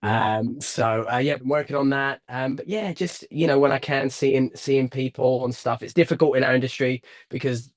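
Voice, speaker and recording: A man's voice: medium pitch, steady tone, moderate pace, hardly any pauses. An English man chatting cheerfully on a video call as an interview guest, laughing often. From England. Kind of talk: casual interview chat.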